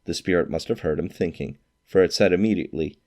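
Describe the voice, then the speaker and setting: A man reading a classic novel aloud as narrator, in an expressive storytelling manner. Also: low-pitched, fast talker, crowd noise. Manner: expressive storytelling, acts out quoted lines.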